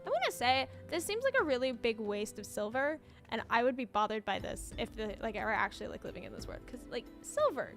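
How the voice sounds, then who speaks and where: A woman streamer reads game dialogue aloud in a fairly high voice and breaks in with dry, sarcastic asides. Faint music plays behind her. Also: sing-song, fairly quick, hardly any pauses. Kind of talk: gameplay commentary and reading dialogue aloud.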